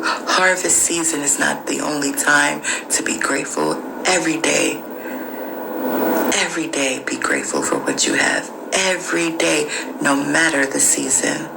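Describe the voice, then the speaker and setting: A woman's voice: sits low, expressive, moderate pace, vocal fry. A woman podcast host giving an emphatic, repetitive motivational spiritual monologue. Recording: noisy screen recording.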